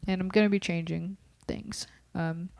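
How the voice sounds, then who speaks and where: A woman's voice: on the low side, fairly even intonation, normal speed, gravelly, a little mellow. Rambling young woman podcast co-host. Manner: rambling, candid, emotional. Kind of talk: casual chat. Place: apartment at night.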